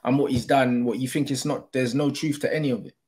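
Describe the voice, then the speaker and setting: A man's voice: medium pitch, steady tone, fast talker, darkish tone. A man, arguing bluntly in a heated football debate and swearing casually. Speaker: host.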